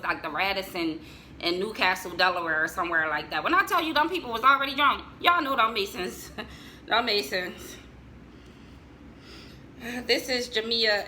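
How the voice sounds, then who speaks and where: A middle-aged woman from the United States talks in a loose, chatty way, throwing in jokes and asides to her viewers. Her voice sits a little low but sounds bright and forceful. A faint room noise hums underneath. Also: low-quality recording. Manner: chatty, joking asides to viewers, laughs often. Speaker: vlogger showing family photos. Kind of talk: casual chat to viewers.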